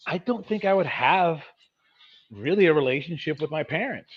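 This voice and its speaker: Man in his 30s, casual host, rambling and animated, slightly high voice, muffled lo-fi recording. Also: moderate pace, slightly rough. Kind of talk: casual chat. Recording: dull lo-fi sound.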